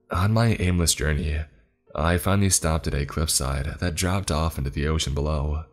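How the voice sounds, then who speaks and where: A man narrating a horror story in the first person, measured and somber. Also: extremely low pitch.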